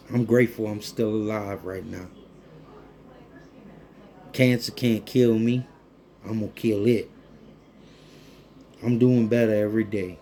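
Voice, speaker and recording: A man, talking casually and warmly to viewers in a rambling cooking vlog from his home kitchen. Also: lowish voice, slight background noise. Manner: heartfelt, rambling, addresses viewers as folks. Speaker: cooking vlogger.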